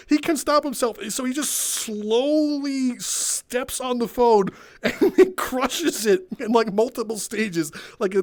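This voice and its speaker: A man hosting a gaming video, telling animated stories from work and laughing as he goes. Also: sits high. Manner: animated, laughs through his own stories. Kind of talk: casual storytelling while playing a VR game.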